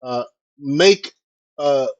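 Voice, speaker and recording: A man's voice: mid-range voice, drawn-out words, dry recording. A man hosting a casual political news commentary, talking hesitantly with fillers and chatty asides to his viewers.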